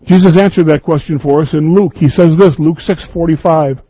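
A man's voice: a little high, a little fast, husky, no echo, highs cut off. A man preaching an earnest, emphatic radio sermon, reading scripture and quoting at length.

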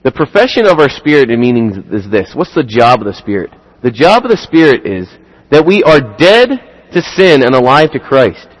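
A man's voice: mid-range voice, big pitch swings, normal speed. A man preaching a sermon in an earnest way, driving points home with repeated rhetorical questions. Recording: long hall reverb.

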